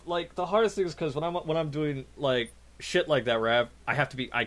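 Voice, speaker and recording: A man, a video reviewer, telling a story in casual podcast chat, animated and laughing often. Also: a little high, fast talker.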